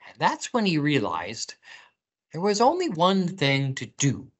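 A woman's voice: low-pitched, breathy edge. A woman reading picture books aloud and singing to young children at library story time, inviting them to join in. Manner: slow, animated storytelling, inviting kids to join in.

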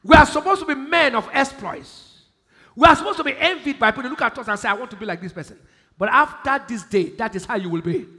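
Shouting Nigerian pastor in a big hall. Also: male voice, extremely high pitch, lively intonation, brisk. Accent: Nigerian English. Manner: preaching with sudden shouted emphasis and Bible quotes. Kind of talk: sermon. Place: large church hall. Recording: live church hall with long reverb.

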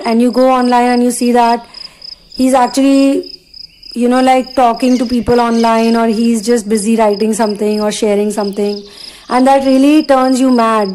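A woman giving an earnest spiritual talk to her listeners, pausing now and then to channel messages. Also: fairly high pitch, darkish tone, a little hiss or hum, poor audio. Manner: earnest, repetitive, pauses to channel. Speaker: spiritual reader.

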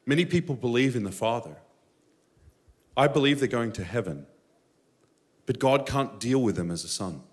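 A man's voice: lively intonation, normal speed, pauses often. Impassioned man preaching a sermon. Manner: impassioned, rising to emphatic high bursts, with personal stories. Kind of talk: live Sunday sermon. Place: church sanctuary during a live service.

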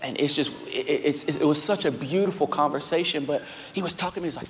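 A young man preaching a sermon as pastor, moving between loud exhortation and hushed, soft storytelling. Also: on the high side, fast talker, hardly any pauses, a little hiss or hum. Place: large church auditorium. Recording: live sermon with echoey hall.

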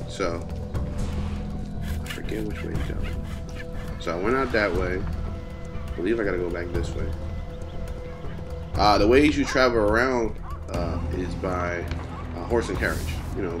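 A man talking casually as a gaming YouTuber, with a slangy, rambling and playful manner. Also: low-pitched. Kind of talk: casual gameplay commentary. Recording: game music behind. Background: game music.

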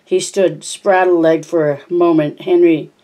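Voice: medium pitch, steady tone, unhurried, warm tone. An amateur reader reading a novel aloud, often stumbling over words and correcting themselves. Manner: frequent stumbles and self-corrections. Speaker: audiobook reader.

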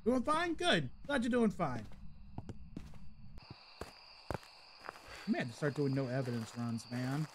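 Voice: mid-range voice, big pitch swings, measured pace, long pauses, a little hiss or hum. A game streamer talking through a live ghost-hunting session, chatty and exasperated, mock-cursing at the game and chatting with viewers. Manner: chats with viewers in the live chat. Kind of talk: live gameplay commentary.

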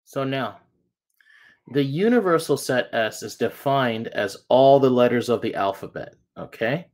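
With an animated, slightly mellow medium-pitched voice, a man leads a math class through a lesson at a measured pace. Each step gets patient attention, punctuated by check-ins like "okay?" and "right?"

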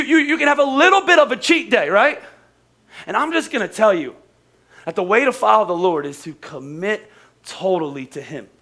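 An American pastor preaching a sermon in an animated, joking way, with quick restarts. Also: male voice, high voice. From United States. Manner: animated, joking, talks fast with frequent restarts.

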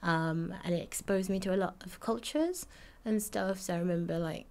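A woman's voice: lowish voice, moderate pace, creaky, darkish tone. A woman in her twenties from Jamaica, recalling her childhood in a chatty interview, full of fillers and laughs. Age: 20s. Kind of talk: casual recollection.

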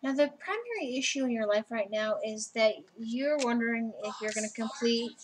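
A woman with a slightly high voice giving a personal tarot reading. She talks casually and bluntly, cursing freely as she goes through the cards. A faint hum sits behind her. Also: lively intonation, normal speed, poor audio. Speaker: tarot reader.

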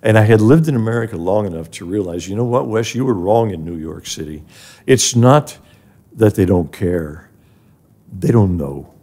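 A man's voice: lowish voice, lively intonation, moderate pace, warm tone. An older man, a guest on a podcast, telling his life story in an earnest, emotional way that rises when he is moved. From grew up in an African village. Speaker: guest, charity president emeritus. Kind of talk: personal storytelling in a podcast interview.

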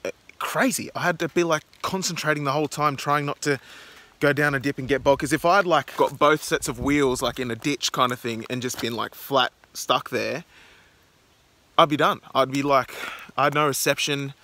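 A young man in his twenties, vlogging casually from his car and outdoors in a rambling, excitable way with lots of fillers. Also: medium pitch, moderate pace. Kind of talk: casual vlog narration.

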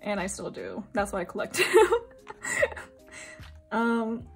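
A young woman from Singapore chatting casually while unboxing albums, giggly and gushing, now and then breaking into high squeals. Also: huge pitch swings, slow, gravelly, soft background music. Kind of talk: excited casual chat.

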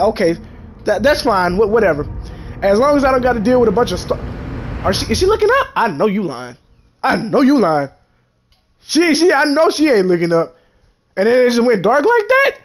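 A man's voice: very high-pitched, a little hiss or hum. A young man, doing comedic let's-play commentary and talking to game characters in a mock-dramatic way. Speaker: gaming YouTuber. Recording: game music underneath.

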